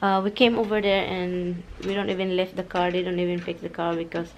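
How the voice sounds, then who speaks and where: A Filipino-accented woman vlogging casually at home, chatty and quick to laugh, with non-native grammar. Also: on the low side, level tone, highs cut off, a little hiss or hum. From Philippines. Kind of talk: casual home vlog chat.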